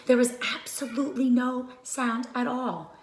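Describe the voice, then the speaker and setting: A woman reading a children's storybook aloud with expressive, dramatic storytelling. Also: on the high side, a little slow. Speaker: storybook reader. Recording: echoey room.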